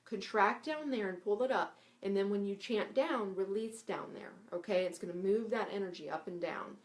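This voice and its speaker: Speaking at a normal speed in a mid-range voice, she leads a casual, live lesson in spiritual breathing. Her delivery is loose and chatty, peppered with check-ins like "right?" and "okay?", and she breaks into breathy sounds and chants as she goes.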